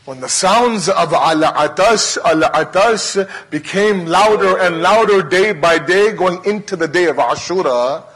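An impassioned male preacher retells a sacred story with dramatic repetition. His voice sits high and rings bright and forward. He builds each scene with fervour. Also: a little slow, few pauses, rough recording. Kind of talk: emotional storytelling sermon.

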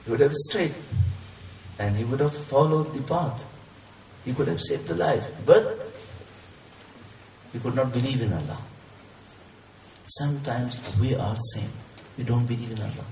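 A man's voice: a little high, a little hiss or hum. Earnest preacher man, distant and roomy. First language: Urdu. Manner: earnest, repetitive, rising emphatic questions. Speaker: Islamic preacher. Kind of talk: sermon. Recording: roomy echo, distant mic, faint ambience.

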